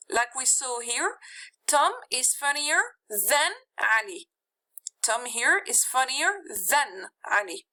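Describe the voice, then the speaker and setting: Woman teacher, high and unhurried, patient grammar explainer. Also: pushed and bright, rough recording. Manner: patient, repeats example words slowly; walks through rules step by step. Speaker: English teacher. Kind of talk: grammar lesson.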